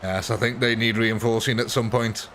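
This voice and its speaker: A man's voice: mid-range voice, fairly even intonation, normal speed, a bit bright, a little hiss or hum. A man giving chatty, amused live commentary on a strategy game while thanking viewers and answering chat. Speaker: game streamer.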